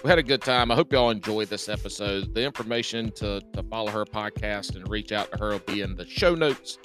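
A man's voice: on the low side, fairly quick, over music. Folksy man with a Southern drawl. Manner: folksy, joking, self-deprecating. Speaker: podcast host. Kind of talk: casual podcast chat.

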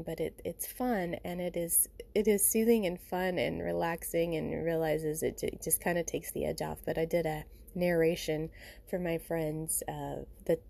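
Recording at home, a female podcast host muses in an informal, meandering way, frequently saying "you know" and "you guys." She has a fairly low, gravelly voice with a dark tone and a breathy edge.

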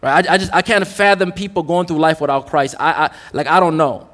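Speaking fairly quickly in a fairly high, steady, rather bright voice, a young adult man preaches a sermon. He addresses a church congregation in a candid, conversational, joking manner, and the hall around him is reverberant.

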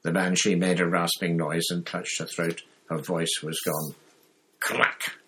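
A man reading a story aloud as narrator, in a measured, deliberate way. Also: low-pitched, little pitch movement, fairly bright tone, slight background noise, rough recording. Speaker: audiobook narrator.

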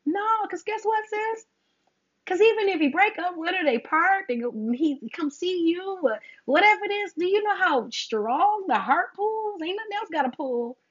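A middle-aged woman giving a casual faith talk straight to her listeners, preachy and animated, calling them sis. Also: very high voice, moderate pace, muffled recording.

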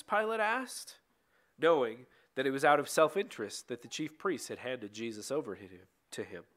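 A man reading a bible passage aloud in a steady way, with occasional slips and restarts. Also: mid-range voice, moderate pace. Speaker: scripture reader.

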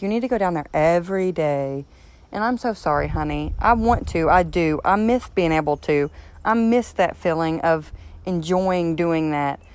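A woman with a drawl talks straight to her listeners on a solo podcast, cursing freely and giving blunt advice. Her voice sits fairly low. A long reverb trails behind her words. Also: darkish tone. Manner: blunt, profane, frank advice. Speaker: podcast host. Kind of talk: casual solo podcast chat.

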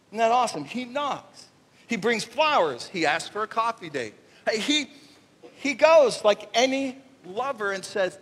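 High-voiced pastor, reverberant hall. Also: male voice, measured pace. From Canada. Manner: animated, jokey, acts out little voices. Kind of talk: conversational sermon. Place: church sanctuary. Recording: long reverb of a church hall.

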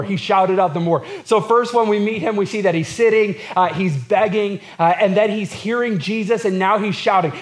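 A man's voice: sits high, moderate pace. A man preaching a sermon as pastor, earnest and repetitive, acting out quotes from scripture.

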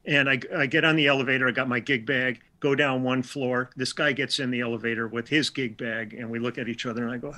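An older man from Milwaukee with a bright, forceful voice, talking through a long anecdote in a relaxed interview. He wanders through his memories, restarts his sentences and acts out bits of dialogue along the way. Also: medium pitch, quick pace, hardly any pauses. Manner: chatty, anecdotal, with many restarts and quoted dialogue. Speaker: interview guest, session musician. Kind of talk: casual storytelling interview.

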